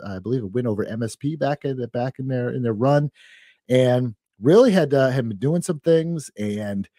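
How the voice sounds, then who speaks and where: A man's voice: mid-range voice, warm tone, no echo, clean studio sound. A man hosting a wrestling preview show, building up upcoming matches. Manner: hype-building, uses fillers.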